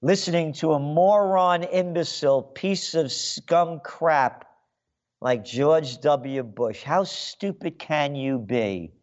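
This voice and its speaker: A man's voice: a little high, slow. A man hosting a radio show, delivering an angry, sarcastic, insulting rant. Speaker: radio host. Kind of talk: ranting radio monologue. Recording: dull lo-fi radio sound.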